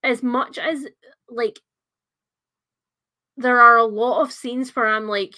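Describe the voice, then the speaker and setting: A woman's voice: fairly high pitch, steady tone, takes it slowly, long pauses, sharp tone. A young woman hosting a livestreamed book club discussion, talking in a chatty, enthusiastic way with lots of filler words.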